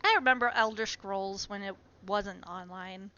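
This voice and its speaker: A woman's voice: mid-range voice, a little slow, pushed and bright. A woman chatting casually on a live stream, talking to her plants and to her viewers at home. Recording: muffled lo-fi stream audio with faint noise.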